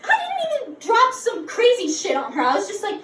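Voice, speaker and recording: A woman's voice: very high-pitched, huge pitch swings, a little fast. A young woman of about nineteen doing a live stand-up set in a bar, telling brash, profane, self-mocking stories. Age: young adult, about 19. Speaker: stand-up comedian. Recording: roomy, distant bar recording with loud ambience.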